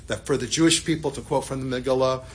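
A man, a rabbi, telling a story as part of a sermon, animated at times and dropping to hushed tones at others. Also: mid-range voice, quick pace.

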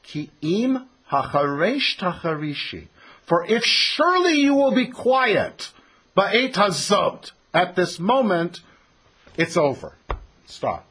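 Male teacher for a text study class, lively and emphatic, a bit husky, quizzes the room as he explains. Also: fairly high pitch.

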